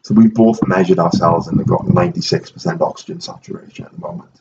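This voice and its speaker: Low gravelly-voiced man chatting. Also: quick pace, darkish tone. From Ireland. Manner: chatty, restarts often, explaining. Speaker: host. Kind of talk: casual podcast chat. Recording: dull low-fidelity audio with faint noise.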